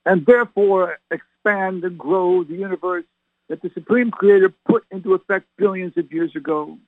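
A husky-voiced man delivers a radio sermon as a reverend, pressing his listeners with question after question. The sound is tinny and phone-like, with a dry, close feel. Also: sits high, steady tone, moderate pace, dry recording. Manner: preachy, full of rhetorical questions to listeners.

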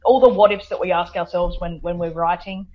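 A woman's voice: fairly low pitch, steady tone, brisk, dull audio. An Australian woman from South Australia, a guest author chatting in a radio interview, full of fillers, restarts and laughter.

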